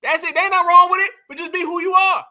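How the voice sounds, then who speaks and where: A man's voice: very high voice, fairly even intonation, very fast, heavy background noise. A man giving reaction commentary on a clip, emphatic and preachy, talking straight to his audience. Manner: emphatic, preachy, addresses the audience as "fam" and "y'all". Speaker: online political commentator.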